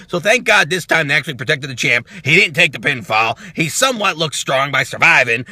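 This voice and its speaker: A man hosting a wrestling reaction show, ranting loudly with profanity and mockery. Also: no echo. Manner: loud, profane, mocking, with swings of pitch and volume. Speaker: wrestling review host.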